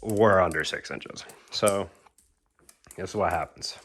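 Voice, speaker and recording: Young man telling a lively storytime. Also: low voice, a little slow, a little hiss or hum. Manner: animated storytelling with acted-out quotes and laughs. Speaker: knife-flipping YouTuber. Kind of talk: casual storytime.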